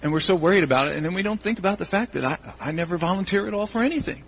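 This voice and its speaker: A male pastor giving a sermon in a church, animated and acting out the voices of churchgoers in quick asides. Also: high-pitched, vocal fry, a little hiss or hum, rough recording.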